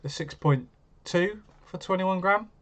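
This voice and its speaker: A man's voice: high-pitched, measured pace. A man hosting a live stream, chatting casually and answering viewers' comments as he goes.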